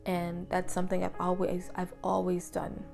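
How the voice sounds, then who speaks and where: Young woman, personal vlog, earnest and reflective, gravelly voice, faint music behind. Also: fairly low pitch, completely flat delivery, moderate pace, a little mellow. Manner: earnest, open and reflective, drops to a whisper at times. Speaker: vlogger.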